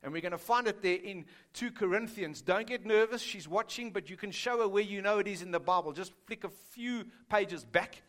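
A man preaching in a high, ringing voice. He keeps it conversational, teasing and addressing his listeners directly as he reads and explains scripture. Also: normal speed, hardly any pauses, fairly bright tone. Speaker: pastor. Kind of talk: sermon.

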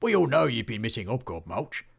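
Kindly storybook halfling, matter-of-fact and gravelly, played by the narrator. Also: male voice, medium pitch, very animated, a little fast, heavily acted. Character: kindly pipe-smoking male halfling.

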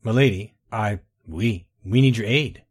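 A man's voice: fairly low pitch, measured pace, slightly rough. A grave, worried king read by a male narrator in his own voice speaks courteously but with urgency. This is storybook reading with little change from the narration. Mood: earnest.

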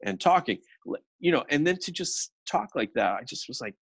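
A middle-aged man co-hosting a film podcast, talking in a casual, animated way with many restarts and quoted asides. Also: fairly high pitch, brisk, breathy edge, no echo. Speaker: podcast co-host.

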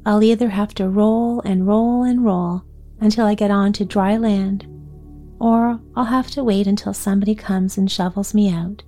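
A woman's voice: mid-range voice, fairly even intonation, moderate pace, mellow, faint music behind, natural voice. A woman voicing a sweet, sickly little girl who speaks eagerly and politely. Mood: worried.

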